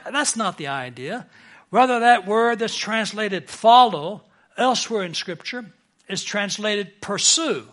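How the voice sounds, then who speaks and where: A middle-aged man preaching a sermon in an earnest way, building emphasis and swelling louder on key points. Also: high-pitched, expressive, unhurried. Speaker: pastor.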